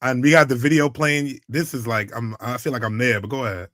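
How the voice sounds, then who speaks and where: A man co-hosts a radio show in a relaxed, slangy way. He is recorded close and dry, with a mid-range voice. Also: medium pitch, brisk, dry recording. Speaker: radio co-host. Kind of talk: casual radio chat.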